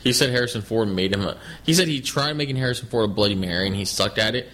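A man's voice: on the low side, fast talker, a bit bright. A man co-hosting a podcast, talking in loose, profane banter. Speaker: podcast co-host. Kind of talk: casual chat.

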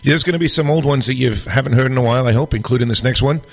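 A man hosting a radio show, hoarse after a big night out, chatting loosely with lots of fillers. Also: medium pitch, very fast. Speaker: radio DJ host. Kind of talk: casual radio show banter. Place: radio studio.

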